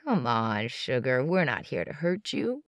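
A man's voice: mid-range voice, big pitch swings, a little slow, a bit bright, no echo, studio quality. A narrator voicing a pushy male street thug who talks in a mocking way, in an audiobook. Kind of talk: audiobook character voice.

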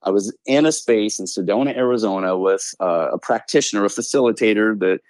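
A man with a low voice tells stories in a relaxed conversational way and acts out little voices along the way. The sound is dry and close, with no room around it. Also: fairly quick, no echo. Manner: animated, acts out voices in anecdotes. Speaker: podcast guest. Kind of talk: casual conversational storytelling.

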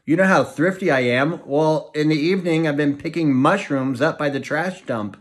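A man's voice: on the high side, normal speed, lightly acted. A man voicing an anxious, emotional middle-aged mother in an audiobook reading. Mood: distraught. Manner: anxious, emotional, prone to dramatics. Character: fretful thrifty small-town mother, middle-aged woman.

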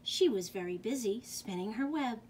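A woman librarian leading a children's storytime, reading a picture book aloud gently and expressively, then showing a craft. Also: fairly high pitch, lively intonation, normal speed, husky. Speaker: youth services librarian.

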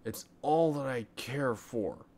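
A man's voice: medium pitch, slow, a little mellow, pitched above the performer's own voice. A man voicing a whiny little boy who only wants ice cream, reading a children's storybook aloud.

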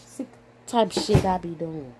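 An older woman who is a grandmother, talking casually to her vlog audience from home at her computer, animated and swearing as she scolds herself with laughs. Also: on the low side, moderate pace, heavy background noise. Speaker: YouTuber. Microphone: phone or computer mic.

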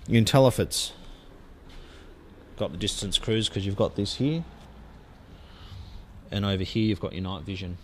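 A man's voice: lowish voice, moderate pace, pauses often, a little mellow, slight background noise. A man giving a gushing car-sales walkaround as a dealer. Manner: enthusiastic, gushing sales talk.

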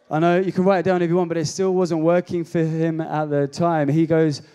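A man preaching a comedic youth sermon, energetic and jokey, calling out to the crowd. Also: high-pitched, fairly quick, hardly any pauses, clean tone. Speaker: pastor.

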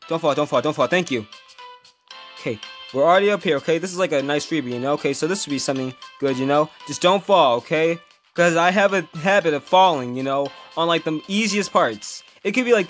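A man's voice: a little high, fairly bright tone. A young man giving casual gameplay commentary as a gaming video host, jumpy and easily frustrated, yelping and raging when he falls.

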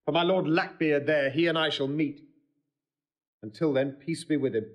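An actor playing a grave soldier-lord who speaks in a cold, measured, earnest way in a stage play recording. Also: male voice, on the high side, close to an everyday voice. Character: grave male soldier-lord issuing a challenge.

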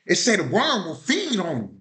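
A man's voice: high-pitched, huge pitch swings, moderate pace, bright, forceful tone. A man preaching a sermon in an informal style, often asking his listeners whether they heard him. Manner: preaches in a vernacular style, repeats "You hear what I said?".

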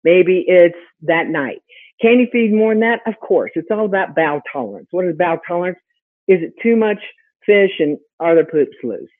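A woman hosting a lively teaching webinar, firing off rhetorical questions and answering them herself. Her voice is husky, and it comes through thin, phone-like audio. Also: fairly low pitch, moderate pace. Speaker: host and pet health consultant.

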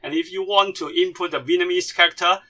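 A man giving a step-by-step computer screen tutorial as a language teacher, speaking with halting, grammar. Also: sits high, fairly even intonation, bright, forceful tone. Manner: halting, non-native grammar.

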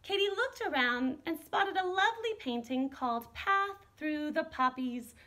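A woman art teacher reading a children's picture book aloud with an expressive, animated delivery. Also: high-pitched, measured pace. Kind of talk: storybook read-aloud.

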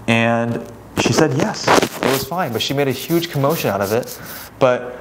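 A man's voice: mid-range voice, expressive, normal speed, heavy background noise. A young man, a real estate agent, giving casual advice and often checking in with "right?". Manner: conversational, with many "right?" tag questions and acted-out client dialogue. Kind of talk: casual talking-head advice.

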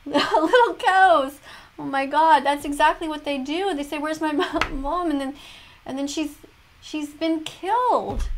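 With a voice that sits high, a woman plays teacher while reacting to a video, moralizing and lecturing as though grading a class with check marks. Slight background noise can be heard.

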